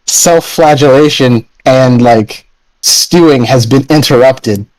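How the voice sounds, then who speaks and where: A man's voice: medium pitch, slow pace, no echo, low-quality recording. Rambling male player, dry close sound. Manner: rambling, filler-heavy explaining. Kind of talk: tabletop role-play.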